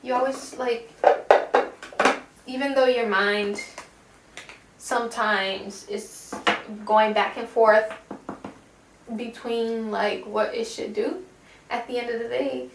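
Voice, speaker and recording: A woman's voice: fairly high pitch, steady tone, slow, pauses often. A woman giving a casual pick-a-card tarot reading, chatty and slangy, swearing and calling the listener baby. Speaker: tarot reader. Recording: echoey room, distant mic, faint noise.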